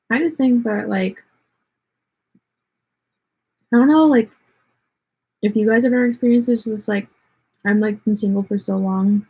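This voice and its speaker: Sarcastic young woman streamer, husky fry. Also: medium pitch, lo-fi sound. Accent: Texan. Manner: blunt, sarcastic, heavy on "like". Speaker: livestreamer. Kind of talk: casual livestream chat.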